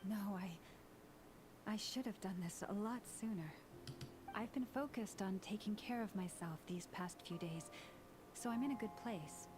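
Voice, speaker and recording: A woman voicing a calm, earnest community leader who speaks in a measured, gentle way in a video game. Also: medium pitch, close to an everyday voice. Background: game music.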